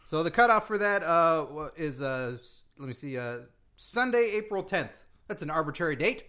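A man's voice: on the high side, expressive, moderate pace, sharp tone. A man co-hosting a casual podcast, joking and swearing often and rambling with fillers as he gives announcements. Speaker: podcast co-host.

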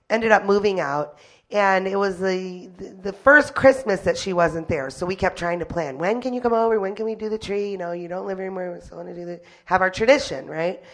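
Gravelly-voiced woman. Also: medium pitch. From Detroit. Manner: chatty, rambling. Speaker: storyteller. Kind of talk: personal story told to an audience.

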